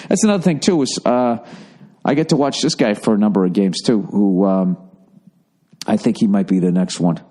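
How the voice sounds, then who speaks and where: A man's voice: medium pitch, quick pace, dark tone. A man, hosting a podcast in a casual, profane, self-mocking rambling monologue. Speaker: podcast host.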